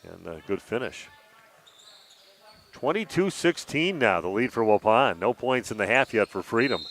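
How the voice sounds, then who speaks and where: A man calling high school basketball play-by-play on local radio, brisk and steady with the odd "uh". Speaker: play-by-play announcer. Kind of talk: live basketball commentary.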